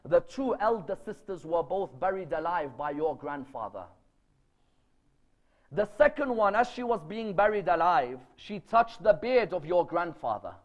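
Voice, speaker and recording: A man voicing a gentle, reassuring father within a told story, explaining quietly. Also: high voice, sing-song, a little slow. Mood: calm.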